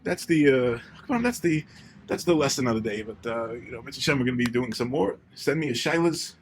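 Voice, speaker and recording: Man, comic rabbi monologue, rambling and stammering, quick and animated, faint background hiss. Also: mid-range voice. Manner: rambling, stammering, boastful advice. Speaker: comic playing a marriage-class rabbi. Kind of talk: comedic monologue in character.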